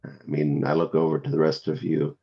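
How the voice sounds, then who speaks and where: A man's voice: extremely low pitch, monotone, fairly quick, gravelly, slightly rough, lo-fi sound. A man playing in a tabletop game, musing and laughing at himself. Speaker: player.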